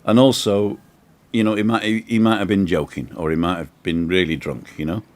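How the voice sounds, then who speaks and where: A man's voice: sits low, level tone, a little fast. A man, hosting a live show from a sunny outdoor balcony and telling a rambling, chatty anecdote full of asides. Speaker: host. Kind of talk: casual storytelling on a live show.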